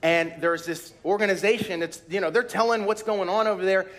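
Animated high-voiced preacher man. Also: fairly quick. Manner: animated storyteller, acts out voices, bursts into shouted praise. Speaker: pastor. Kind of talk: sermon with personal stories. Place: church retreat.

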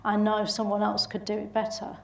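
A woman's voice: medium pitch, completely flat delivery, a little fast, gravelly, distant mic, a little hiss or hum. A woman with a Bolton accent, an actress telling stories as a guest in a casual interview, chatty and laughing through her anecdotes. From England. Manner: chatty, laughing storyteller with restarts. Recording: roomy sound from off mic.

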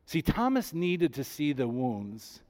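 A man preaching a sermon, rising with emphasis and dropping low and soft when he voices God's words. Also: very animated, slow. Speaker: pastor.

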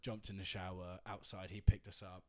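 Deep-voiced man telling a story. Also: little pitch movement, brisk, warm tone. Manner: rambling, laughing, lots of fillers. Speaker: storyteller guest. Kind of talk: casual anecdote.

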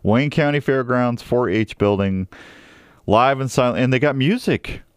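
A man's voice: mid-range voice, a little slow, smooth, no echo, clean studio sound. A man hosting a radio talk show, chatting casually in a rambling, jokey way with frequent restarts.

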